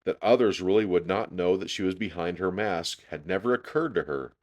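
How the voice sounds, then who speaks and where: A man reading a children's chapter book aloud, expressive and measured. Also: deep voice, muffled recording. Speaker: storyteller.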